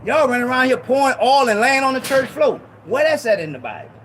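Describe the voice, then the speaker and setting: High-voiced man preaching with shouted bursts. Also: very animated, fast talker, a little hiss or hum. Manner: emphatic, slangy and repetitive, with shouted bursts. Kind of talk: informal Bible teaching sermon.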